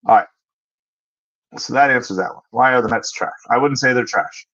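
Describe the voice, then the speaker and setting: Here a man runs a casual stream, chatting through viewer questions and reasoning out loud, with filler-laden pauses as he checks things. His mid-range voice is a bit bright, and the audio is dull.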